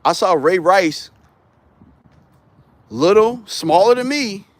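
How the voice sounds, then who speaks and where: A man talking football on a casual live stream, animated and rambling, full of slang. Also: high-pitched, takes it slowly, no echo. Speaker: sports streamer.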